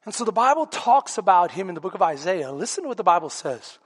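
Male Texan pastor, high voice, emphatic storytelling sermon, reverberant sanctuary. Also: big pitch swings, quick pace, breathy edge. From Texas. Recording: long church reverb.

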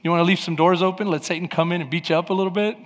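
A man preaching with a high-pitched voice that soars into shouts at its climaxes, then sinks to a near whisper. His words ring out with long reverb across a large hall. The delivery is driven and emphatic throughout. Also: fairly even intonation, racing. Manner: emphatic, climbs to shouting peaks, then drops to hushed. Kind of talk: sermon.

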